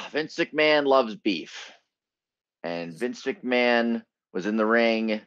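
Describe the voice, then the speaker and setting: A man's voice: medium pitch, expressive, slow, fairly bright tone, smooth, no room sound. A man co-hosting a podcast in casual chat, a laid-back storyteller. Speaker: podcast co-host. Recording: dull, dry sound.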